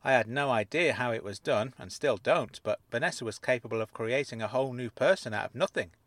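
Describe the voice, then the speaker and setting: A man narrating a first-person story with an expressive reading. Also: mid-range voice, brisk, no echo. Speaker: audiobook narrator.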